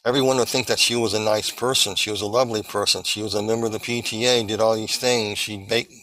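A man earnestly recounting a vision as testimony, halting and restarting as he searches for words. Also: fairly low pitch, fairly even intonation, a bit bright, dry recording, low-quality recording.

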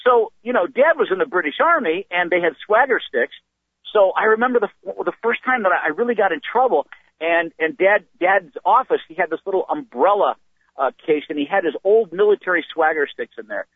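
Male comedian, lively storyteller, plays the people in his stories, slightly raised pitch, muffled dry lo-fi sound. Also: brisk, slightly rough, dry recording. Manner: animated storyteller who acts out voices. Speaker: comedian guest. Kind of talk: casual storytelling chat.

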